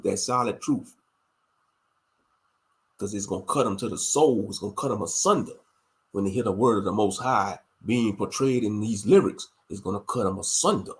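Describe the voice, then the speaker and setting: A man in his late thirties hosting a casual commentary monologue, thinking aloud and turning preachy. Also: on the low side. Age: late 30s. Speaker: host.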